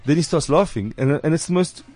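A man's voice: a little high, fairly quick, soft background music. A man, a father, co-hosting a casual radio chat show, often laughing as he tells stories. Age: adult parent. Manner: laughs often, animated storytelling.

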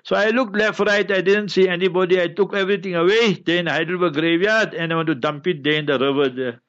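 A high-voiced man holds forth as a mufti on a religious question-and-answer broadcast. He preaches in a joking way and comes back again and again to the same reminders. The sound is dull and lo-fi. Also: fairly even intonation, fast, a bit bright. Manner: preachy, joking, keeps repeating "you must remember".

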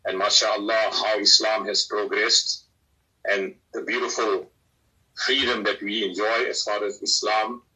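A man's voice: on the low side, little pitch movement, measured pace, bright, forceful tone, breathy edge, lo-fi sound. A man, an Islamic scholar answering questions in an earnest, exhorting manner that rises emphatically. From South Africa. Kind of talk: preaching, lively religious talk.

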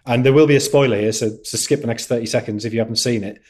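Quick-fire pundit: an animated man talking fast, tripping over his words. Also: mid-range voice, breathy edge. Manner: animated, stumbling restarts, quick. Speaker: podcast pundit. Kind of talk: casual chat.

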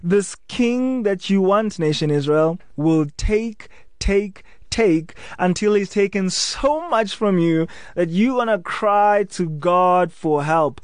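A man's voice: sits high, a little slow, a little mellow, dry recording. A man with a South African accent, a pastor preaching a sermon with emphatic, repeated phrases.

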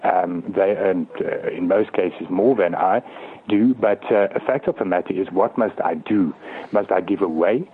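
A man's voice: sits low, measured pace, slightly rough. A man in his thirties from South Africa, a politician arguing his point earnestly on a radio call, repeating words as he goes. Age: 30s. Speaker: politician, guest. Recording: tinny phone line.

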